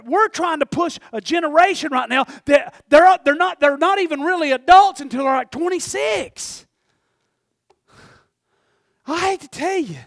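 A man preaching a folksy sermon, swinging from hushed asides to shouted points. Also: very high-pitched, dry recording, studio quality. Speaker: pastor.

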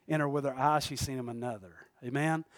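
A man preaching a folksy, animated sermon that swings between loud and hushed. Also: medium pitch, quick pace, no room sound, clean studio sound. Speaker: pastor.

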